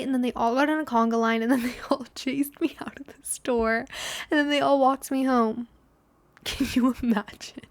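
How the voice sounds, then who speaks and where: Chatty young woman with a gravelly edge. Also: high voice, fairly even intonation, normal speed. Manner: chatty, self-deprecating, acts out quotes. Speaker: podcast host. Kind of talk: casual solo storytelling.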